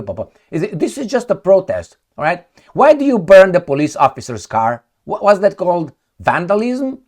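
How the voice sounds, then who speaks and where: A man hosting heated political commentary, sarcastic and indignant, firing off rhetorical questions. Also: a little high.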